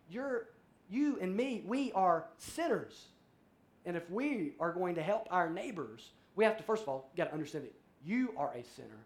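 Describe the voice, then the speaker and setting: A male pastor preaching a sermon, animated and conversational, acting out little scenes and reading scripture aloud. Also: sits high. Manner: animated, acts out voices in a story, shifts between loud and soft.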